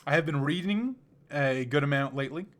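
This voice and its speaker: A man's voice: fairly high pitch, fairly quick. Man rambling through a casual story. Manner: relaxed, rambling, frequent restarts. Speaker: podcast host.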